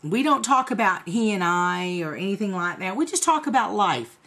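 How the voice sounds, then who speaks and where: A middle-aged woman chats straight to the camera, telling a story from her own life in a casual vlog. Her talk is blunt and full of profanity, and it turns animated as she retells the story. Her voice sits at a middle pitch. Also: moderate pace. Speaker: vlogger.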